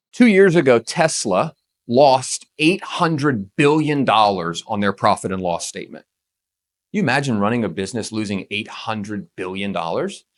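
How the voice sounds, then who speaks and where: A man with a mid-range voice delivers a motivational talk, firing off points at speed. He hits key words hard and keeps the tone punchy and emphatic throughout. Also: mid-range voice. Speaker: speaker on real estate tax strategy. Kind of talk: motivational presentation.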